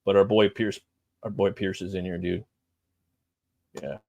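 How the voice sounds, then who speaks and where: A man's voice: low voice, level tone, measured pace, highs cut off, noisy background. A middle-aged man hosting a live stream, chatting loosely and profanely with lots of fillers. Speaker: livestream host. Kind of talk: casual live-stream chat.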